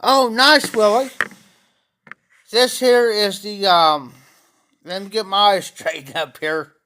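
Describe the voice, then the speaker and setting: Slow-talking man, bright and clear. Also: high-pitched, steady tone. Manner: slow, rambling, greeting chat viewers by name. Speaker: pipe-smoking livestream host. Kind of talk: casual livestream chat to viewers. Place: auction house, former bar room.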